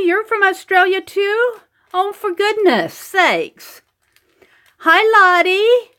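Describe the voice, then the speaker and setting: Woman, art livestream host, chatty, laughs a lot, high bright voice. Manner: chatty, laughs often, greets viewers by name. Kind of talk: casual live-stream chat while painting. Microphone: computer mic over wireless connection.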